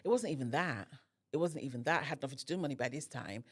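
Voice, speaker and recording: A woman's voice: a bass voice, fast talker, husky. A woman guest on a podcast telling a personal story and acting out the dialogue. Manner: animated, acts out quoted dialogue.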